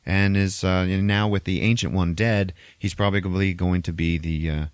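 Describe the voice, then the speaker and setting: A man hosting a podcast, recapping a movie in a casual, animated way, swearing freely and laughing often. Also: sits low, normal speed, clear, resonant tone, dry recording, studio quality. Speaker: podcast host.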